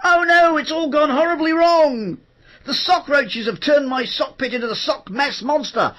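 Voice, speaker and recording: A man voicing Smelly Beep, an excitable male cartoon creature in a panic, with high squawking shouts. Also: moderate pace, dull audio. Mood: panicked.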